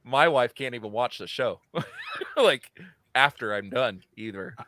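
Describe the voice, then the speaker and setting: A man's voice: mid-range voice, huge pitch swings, measured pace, bright, forceful tone, slight background noise. A middle-aged man co-hosting a podcast in casual chat, laughing often, swearing and bantering. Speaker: podcast co-host.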